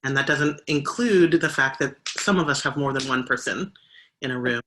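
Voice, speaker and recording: A minister speaks to a congregation gathered over a video call, listing thanks and announcements. The voice is bright and forward. The talk is loose and conversational, with fillers along the way. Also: medium pitch, normal speed, slight background noise. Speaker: minister leading the service. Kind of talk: spoken service announcements.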